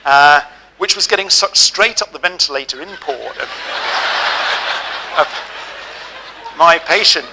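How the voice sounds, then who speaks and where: A middle-aged man giving a keynote speech, telling lively, humorous stories. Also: on the high side, measured pace, creaky, pauses often, very noisy. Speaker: keynote speaker. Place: auditorium.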